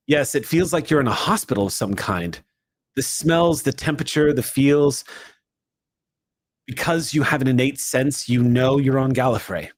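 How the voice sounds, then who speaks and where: Husky man narrating a game. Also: medium pitch. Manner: shifting pace, swift then drawn out. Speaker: game master. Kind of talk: dramatic second-person narration.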